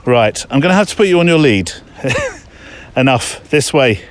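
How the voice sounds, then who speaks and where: A man's voice: on the high side, wildly swooping pitch, unhurried, background noise. A man hosting his show in a casual, rambling monologue while out on a muddy countryside walk, chatting and joking with his dog between thoughts. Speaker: podcast host.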